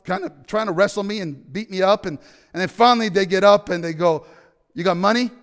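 A man's voice: high-pitched, brisk, clean tone, long reverb tail. A man preaching a sermon by telling a personal story, acting out the dialogue and asking the audience questions. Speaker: pastor.

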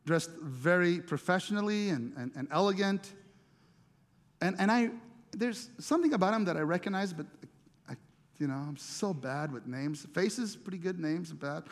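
A middle-aged male pastor preaches in a loose, chatty way, doubling back on words as he tells his story. His voice sits high for a man. It rings out with the long reverb of a large hall. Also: a bit bright. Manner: conversational, repeats words while searching for them, laughs at himself. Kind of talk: storytelling sermon.

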